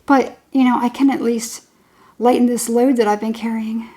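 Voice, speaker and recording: High-pitched woman, tarot reader, chatty rambling monologue with frequent laughs. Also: flat delivery, normal speed, mellow. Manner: chatty, rambling, repeats herself, laughs often. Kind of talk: casual tarot reading monologue.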